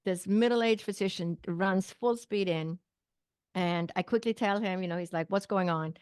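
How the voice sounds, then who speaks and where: A woman's voice: medium pitch, normal speed, a little mellow, smooth, dry recording, clean studio sound. A middle-aged woman from Sweden, a guest on an interview show, vividly retelling a personal story with quoted dialogue and small laughs. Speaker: guest, naturopathic physician and psychic medium.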